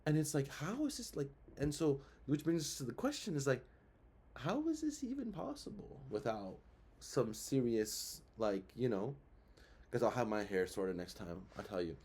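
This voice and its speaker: A young man hosts his own commentary show in a loose, rambling style. His voice is dark, mellow and slightly husky. He keeps throwing rhetorical questions into his talk. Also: mid-range voice, sing-song, moderate pace. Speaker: show host. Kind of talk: casual commentary.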